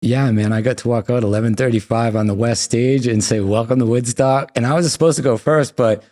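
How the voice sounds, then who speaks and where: Animated, profane man telling stories. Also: medium pitch, a little fast. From United States. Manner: animated, profane, acts out quotes. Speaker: podcast guest. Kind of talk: casual storytelling.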